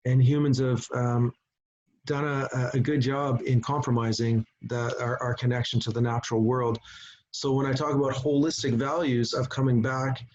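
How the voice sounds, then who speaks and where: A middle-aged man from Canada, a chief giving a conference talk, telling a story unhurriedly with frequent pauses and restarts over a video call. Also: medium pitch, little pitch movement, a little mellow, muffled recording. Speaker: Indigenous chief and conference speaker. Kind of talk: storytelling presentation.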